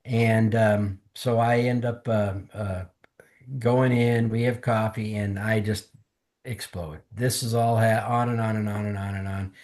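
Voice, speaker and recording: A male podcast guest with a fairly low, darkish voice speaks at a measured pace in a steady tone. He candidly shares his personal testimony, acting out others' words, and is emotional to the point of near tears.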